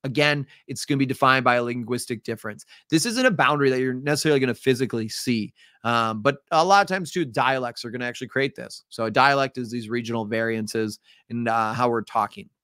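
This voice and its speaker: A man's voice: mid-range voice, fast talker, pushed and bright, no echo, studio quality. A man with a Midwestern accent, teaching an upbeat, chatty live-stream review lesson with frequent ums. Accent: Midwestern American.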